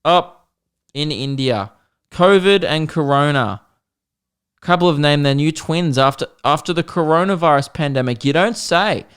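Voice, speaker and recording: A man's voice: on the high side, expressive, unhurried, fairly bright tone, clean tone. A man in his twenties with an Australian accent, hosting a solo comedy podcast in a sweary, rambling, self-deprecating way.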